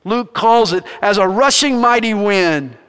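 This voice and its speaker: A male pastor preaching a sermon, telling stories with animated energy. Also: high voice, unhurried, clean tone, big-room sound.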